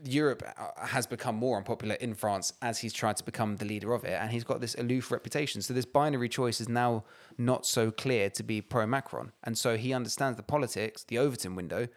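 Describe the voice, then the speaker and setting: A man tears through his points at a rapid clip, swearing freely and hammering each point home. He co-hosts a casual podcast, and his voice sits at a middling pitch. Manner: swears a lot, heated and emphatic. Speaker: podcast co-host. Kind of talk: casual political chat.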